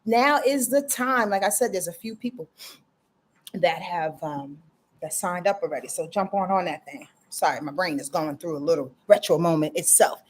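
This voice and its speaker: A woman's voice: lowish voice, normal speed. A middle-aged woman chatting casually as an astrologer hosting a livestream, greeting viewers by name and ranting freely. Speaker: astrologer and channel host.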